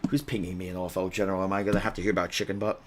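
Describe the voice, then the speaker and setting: A man's voice: sits low, level tone, rapid-fire, background noise. A young man telling rambling, casual stories at halftime of an online game broadcast, with bursts of exaggerated outrage.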